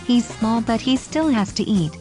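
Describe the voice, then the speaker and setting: A woman announcer reading a playful, scripted podcast intro with deadpan jokes. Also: on the high side, moderate pace, music in the background.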